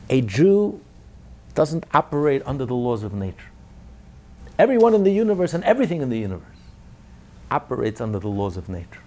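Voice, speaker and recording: A rabbi delivering a Torah lecture, his pitch swinging widely. He is emphatic, rising to loud declarations and sinking to quiet asides, with Hebrew terms woven through his teaching. His voice sits in a middle register for a man. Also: very animated, brisk, pauses often.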